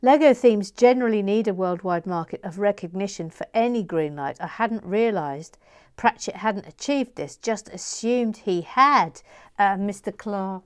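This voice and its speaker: A woman's voice: medium pitch, moderate pace, smooth. A woman building a Lego set on a video stream, chatting casually and reading viewers' comments aloud with frequent laughs. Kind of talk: casual chat while building.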